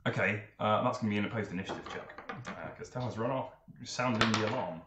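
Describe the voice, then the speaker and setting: A man's voice: lowish voice, quick pace. A man running a tabletop game as game master, narrating loosely with fillers and laughs among several players. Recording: echoey room, faint noise.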